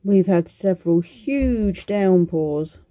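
Warm and slow, with lively intonation in a mid-range voice, a middle-aged British woman films a casual vlog at home. She sings and coaxes her way through time with toddlers in the kitchen and playroom as a childminder, sharing bits of her day.

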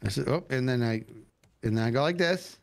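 A man chatting excitedly as a guest co-player on a stream, telling stories with lots of "dude". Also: mid-range voice, a little fast, gravelly, dry recording. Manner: animated storyteller, bouncy, says dude a lot. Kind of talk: casual gaming chat.

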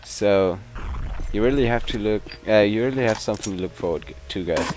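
A man whose first language is not English, hosting a gameplay video with excitable, swear-filled commentary. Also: on the low side, a little fast, a little hiss or hum. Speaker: let's play host. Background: game music and gunfire.

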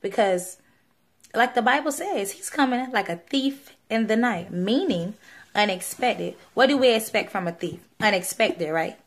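A woman's voice: on the high side, animated, unhurried. A young woman speaking, giving an earnest, pleading personal testimony on video with many fillers. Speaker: vlogger sharing a religious testimony.

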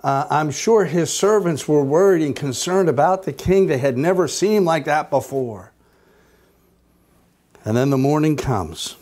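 A man teaching a Bible study lesson, retelling the story slowly and deliberately, repeating phrases for emphasis. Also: on the high side, lively intonation, darkish tone.

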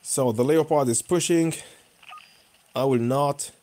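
A young man speaks slowly at medium pitch while commentating his own tank gameplay for his gaming channel. Excitable despite the pace, he erupts into cheers and groans as the match plays out.

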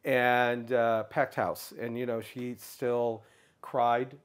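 A middle-aged man speaks at an ordinary, middle pitch while telling a long story in a relaxed interview. He is animated and lively, and now and then lifts his voice to act out another person's words. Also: slow pace, clear, resonant tone. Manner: animated storyteller, acts out others' lines in a raised pitch. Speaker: guest speaker.

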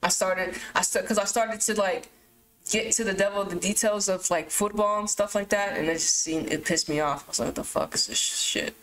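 A woman's voice: mid-range voice, brisk, poor audio. Profane, rambling woman vlogger. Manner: rambling, profane, animated outbursts. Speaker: YouTube vlogger. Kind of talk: casual monologue to camera.

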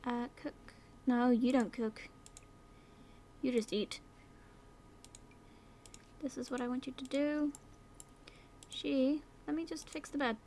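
A woman's voice: high voice, fairly even intonation, slow, long pauses, dark tone, a little hiss or hum. A young British woman chatting through a life-sim game as a YouTuber, giving her characters orders, slipping into whispers and silly voices, swearing casually. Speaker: gaming YouTuber. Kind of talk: casual let's-play commentary.

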